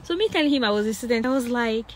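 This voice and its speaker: A woman's voice: fairly high pitch, expressive, rapid-fire, slight background noise. A young woman with a Nigerian accent, chatting casually to her phone camera outdoors in the cold, with lots of fillers and laughs. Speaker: vlogger. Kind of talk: casual vlog chat.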